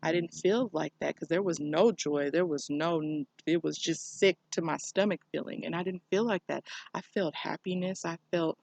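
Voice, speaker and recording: A woman's voice: sits low, moderate pace, vocal fry, darkish tone, no room sound, rough recording. A woman talking candidly to camera in a personal vlog, reflective and meandering. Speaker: vlogger.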